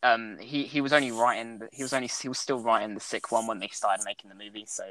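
A man's voice: mid-range voice, fairly even intonation, quick pace, fairly bright tone, no echo, rough recording. A young man in casual chat, laughing often and rambling with restarts.

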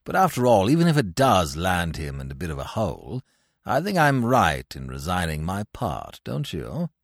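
Man putting on a silly young upper-class toff, drawling, low and lively. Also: moderate pace, gravelly, no echo, clean studio sound, full character voice. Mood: chummy. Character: foolish young English toff, cheerful and huffy.

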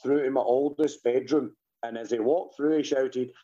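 A Scottish man in his thirties swears freely and laughs through his stories in a relaxed chat. His voice sits at an ordinary middle pitch. The sound comes through a dull, lo-fi video call. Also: moderate pace. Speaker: podcast host. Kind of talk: casual chat.

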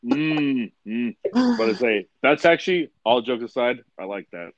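A man's voice: mid-range voice, big pitch swings, unhurried, no room sound. A young man in casual podcast chat, laid-back and cheering on his friend's jokes. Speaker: podcast co-host. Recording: dull lo-fi sound.

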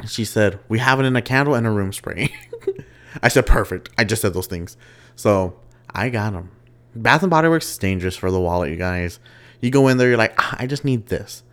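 A young man hosting a casual solo podcast, chatty and quick to laugh as he tells stories. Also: on the low side. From West Texas. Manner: chatty, giggly, animated storytelling. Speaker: podcast host.

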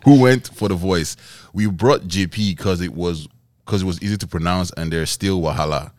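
A man's voice: low-pitched, normal speed, a little mellow, dry recording. A man hosting a casual podcast chat, laughing often and repeating words as he searches for them. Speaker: podcast host.

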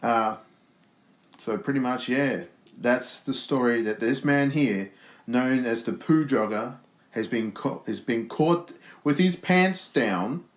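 Casual male co-host, jokey, trips over words while reading out a story; echoey room. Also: mid-range voice. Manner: joking, halting reading with restarts and asides. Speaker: podcast co-host. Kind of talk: casual chat, reading news aloud.

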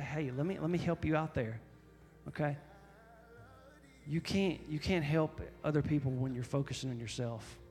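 A man preaching a sermon as pastor, emphatic and repetitive, often rising to loud, high exhortation. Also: in a large hall.

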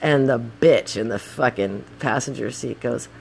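A young woman telling a casual story full of swearing, acting out the shouting. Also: rumbling low, measured pace, vocal fry, breathy edge. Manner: profane, animated, acts out the shouting.

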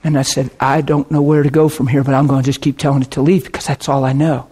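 A man preaching, telling a lively testimony story with laughter and a short sung passage. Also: medium pitch, fast, breathy edge. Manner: animated storytelling, bursts of laughter, sings a hymn line. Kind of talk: testimony sermon.

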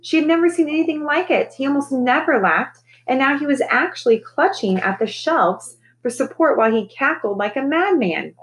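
A woman teacher reading a children's novel aloud to her class in a calm, steady storytelling voice. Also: sits high, moderate pace, hardly any pauses, poor audio.

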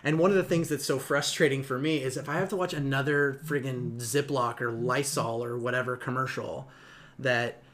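A man's voice: mid-range voice, fairly even intonation, moderate pace, fairly bright tone, a little hiss or hum. Ranting male podcast co-host. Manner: ranting, exasperated, many fillers. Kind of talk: casual chat.

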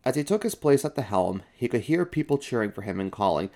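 Animated male storyteller reading to children. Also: medium pitch, fast. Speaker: host and storyteller. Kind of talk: reading a children's book aloud.

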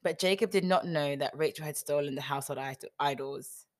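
Low-voiced woman reading a story aloud. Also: fairly quick. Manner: reads aloud, breaking off for wry joking asides. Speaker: scripture reader.

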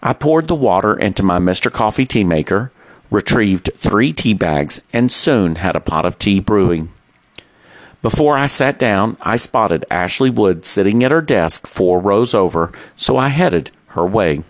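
A middle-aged man from Texas, narrating his own days in an unhurried, measured storytelling manner. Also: fairly low pitch, lively intonation, no room sound. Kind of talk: scripted personal diary narration.

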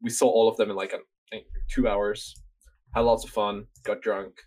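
This podcast guest, a young Norwegian, tells a meandering story loaded with fillers and swear words in a casual chat. His lowish, darkish voice moves at normal speed with a flat delivery, captured on poor audio.

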